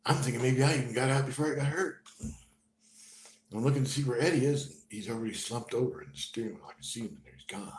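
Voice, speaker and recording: A man telling a personal story in a halting, conversational way, dropping to a murmur and then bursting out loud. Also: mid-range voice. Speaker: storyteller recounting his own experience. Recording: roomy room with faint noise.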